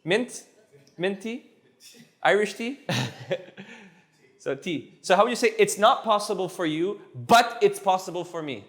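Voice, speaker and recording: A man with a slightly raised voice tutors a student in a relaxed session. He breaks phrases down and repeats them patiently, slowing right down to drill each word. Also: high-pitched. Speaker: language teacher.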